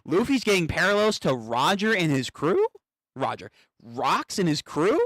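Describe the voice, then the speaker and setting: Guy reacting live to a manga chapter, slow and swingy voice, dry close sound. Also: sits high, no echo. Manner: excitable, swears, thinks aloud.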